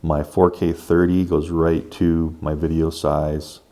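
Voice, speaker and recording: Guy with a deep mellow voice walking you thru a drone setup, pretty excited. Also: slow. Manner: enthusiastic, talks viewers through each step. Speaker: tech reviewer. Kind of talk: casual product review.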